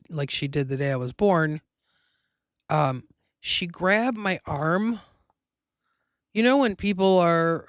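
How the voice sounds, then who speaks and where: Hosting her own show, this woman speaks in a low-sitting voice as she rambles emotionally through a personal story, using lots of fillers. It is captured in clean studio sound without room sound.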